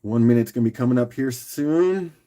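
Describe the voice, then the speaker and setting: A man's voice: medium pitch, lively intonation, warm tone. Easygoing guy auctioning rocks on a live stream, chatty, jokes around, calls out viewers by name, mid-range voice. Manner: chatty and joking, often laughing and talking to viewers by name; loose and unhurried, with fillers and restarts while doing other tasks.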